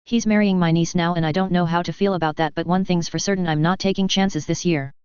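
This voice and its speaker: Even-toned woman reading a story. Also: on the low side, fast talker, clean tone, no echo. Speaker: narrator. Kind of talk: fan fiction audiobook reading. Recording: dull dry lo-fi audio.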